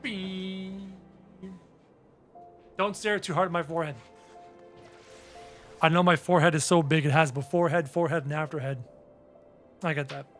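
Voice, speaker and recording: A man's voice: on the high side, fairly even intonation, brisk, pauses often, fairly bright tone, faint music behind. A man streaming a game live, chatting casually with his viewers in a playful, teasing, self-mocking way.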